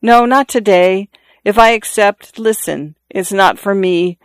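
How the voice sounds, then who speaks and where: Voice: mid-range voice, a little slow, clean tone, no room sound, natural voice. A reader voicing a grieving, emotional young mother in an audiobook story, pleading and tearful. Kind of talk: audiobook character reading.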